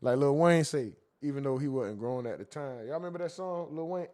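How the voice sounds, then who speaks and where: A man's voice: medium pitch, brisk, few pauses, dark tone. A man hosting a casual livestream, reading chat comments aloud and joking about them.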